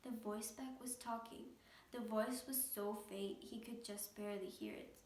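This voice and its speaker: A woman reading a rhyming picture book aloud with a lively, rhythmic delivery. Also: on the high side, unhurried, a little hiss or hum. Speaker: storybook reader. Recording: echoey room, mic at a distance.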